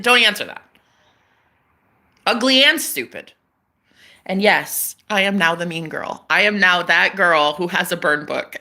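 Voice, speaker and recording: Bright, animated woman livestreaming. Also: lowish voice, measured pace. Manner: animated, swears freely, laughs often. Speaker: psychic reader livestreaming. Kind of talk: casual livestream chat.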